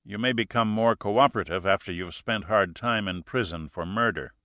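A man voicing a calm, dry-witted male hero, speaking in a measured, softly firm way. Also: lowish voice, no echo.

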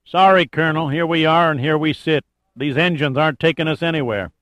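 A man's voice: on the high side, a little fast, fairly bright tone, dry recording, voice pushed up, close to an everyday voice. A man voicing a blunt male army major reporting by radio in clipped military talk.

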